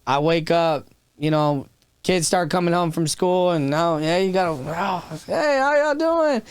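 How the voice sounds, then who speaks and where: A man with a smooth, resonant voice pitched a little above the usual, recorded dry and close. He tells his story candidly and with feeling, swears freely, and often restarts his sentences. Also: fairly even intonation, unhurried, no echo. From Texas. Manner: raw and emotional, swears freely, frequent restarts. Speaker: podcast guest, comedian.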